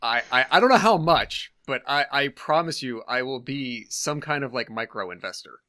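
A man's voice: medium pitch, animated, normal speed, a crowd in the background. A man co-hosting a podcast in casual chat, stammering and restarting his sentences. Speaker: podcast co-host.

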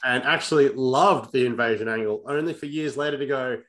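A man hosting a podcast in casual chat, hesitant and joking, with halting starts. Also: medium pitch, fairly bright tone. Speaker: podcast host.

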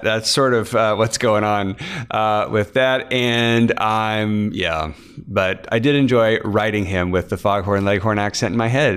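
An author and podcast host from Kansas, USA chats casually behind the scenes. His voice is low and smooth, and he rambles, with plenty of fillers and restarts.

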